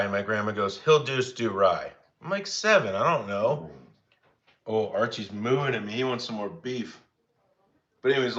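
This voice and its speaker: A young man hosting a casual cooking livestream, chatting easily with viewers and talking to his dogs. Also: fairly bright tone. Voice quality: easygoing, rambling and chatty. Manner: talks to his dogs in a higher voice. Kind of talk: casual live chat with viewers. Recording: slightly dull lo-fi sound.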